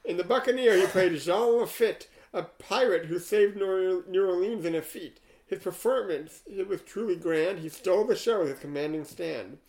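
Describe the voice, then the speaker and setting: A man co-hosting a casual podcast, reading a rhyming poem aloud in a dry, deadpan way. His voice sits a little high for a man, and he breaks off now and then for wry asides. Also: normal speed, few pauses, rough recording. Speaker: podcast co-host.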